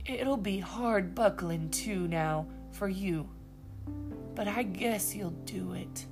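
A calm older boy, as a woman reads him, speaking low and steady with gentle reassurance. Faint music sits underneath. He stays even and unhurried. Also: full character voice. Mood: soft.

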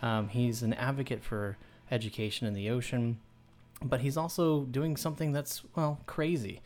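Male host, mid pitch, loose and halting, many ums and restarts. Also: fairly even intonation, a little mellow. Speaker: podcast host. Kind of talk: casual live audio chat.

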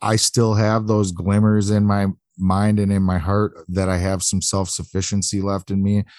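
Deep-voiced earnest man co-hosting. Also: little pitch movement, moderate pace, a little mellow, no room sound, clean studio sound. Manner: earnest, reflective, speaks from personal recovery. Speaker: podcast co-host. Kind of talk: conversational interview.

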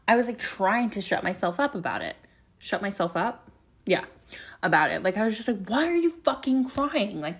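A young woman hosting a solo podcast, talking in a loose, rambling way and swearing freely as she opens up. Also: medium pitch. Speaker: podcast host. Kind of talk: candid solo podcast chat.

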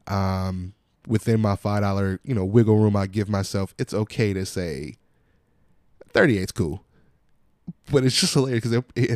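Young male podcast host, lower voice, loose and profane, recorded dry. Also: a little fast, a little mellow, no echo. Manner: laid-back, profane storytelling with acted-out quotes. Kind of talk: casual chat.

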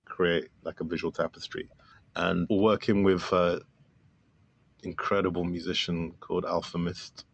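A man's voice: low-pitched, level tone, moderate pace, vocal fry, husky. A man guest on a podcast, talking casually and enthusiastically with many fillers about his film. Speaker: filmmaker guest.

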